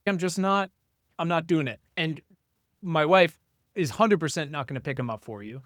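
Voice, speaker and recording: A man co-hosting a casual podcast, telling parenting stories in a blunt, profane, animated way. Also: fairly high pitch, a little fast, no echo, studio quality.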